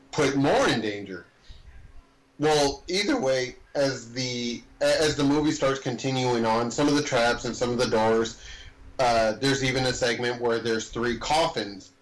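A man's voice: medium pitch, low-quality recording. Meandering man musing on a horror movie. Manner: meandering, self-correcting, mildly profane. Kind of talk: casual movie discussion.

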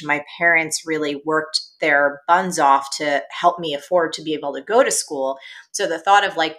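A woman guest on an interview show, telling her story in a lively, animated way. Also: low-pitched. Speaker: guest, entrepreneur and business coach.

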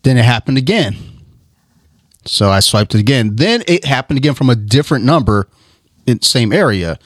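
A man's voice: medium pitch, lively intonation, normal speed, a bit bright, no echo, studio quality. Laid-back man telling a rambling story. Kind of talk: casual chat, storytelling.

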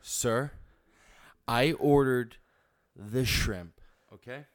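A man's voice: mid-range voice, extremely slow, pitched below the performer's own voice. A man voicing an entitled, demanding woman customer at a restaurant, who interrupts and threatens. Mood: indignant. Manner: interrupting, repeating "no" and "stop it", threatening.

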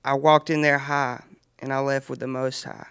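A man's voice: mid-range voice, flat delivery, moderate pace, a bit bright. A young man telling his personal faith testimony earnestly in a casual chat, often laughing as he speaks. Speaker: guest sharing testimony.

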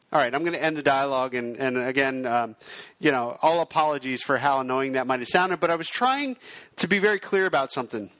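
A male podcast host who explains in an even, self-described monotone delivery. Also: medium pitch, fast talker, dry recording. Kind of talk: podcast monologue.

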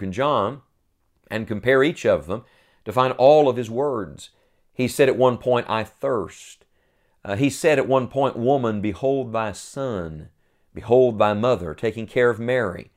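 A man preaching a sermon in an earnest tone, rising to loud cries when he quotes and then dropping back low.

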